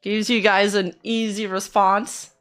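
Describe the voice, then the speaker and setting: A woman's voice: mid-range voice, level tone, unhurried, a bit bright. Woman streamer chatting away, laughs a lot, swears, faint music playing behind. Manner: laughs often, counts under her breath, blunt and sweary. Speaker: streamer reacting to news. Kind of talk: casual live-stream chat.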